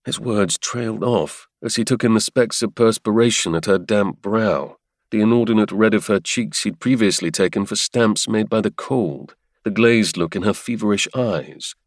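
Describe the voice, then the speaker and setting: A man narrating a romance audiobook in a measured, dramatic way. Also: lowish voice, no echo, studio quality.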